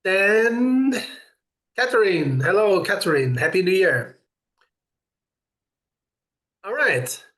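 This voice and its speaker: Male host, pitched a touch high, earnest explainer leading a ritual session for viewers. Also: lively intonation, takes it slowly, long pauses, a bit bright. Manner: earnest and explanatory, with brief laughs; greets viewers by name. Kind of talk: spiritual teaching talk.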